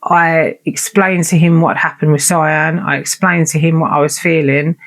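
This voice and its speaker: A woman's voice: low voice, fairly even intonation, normal speed. A woman telling a personal story in a vlog, candid and unfiltered, swearing and acting out remembered conversations. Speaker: vlogger.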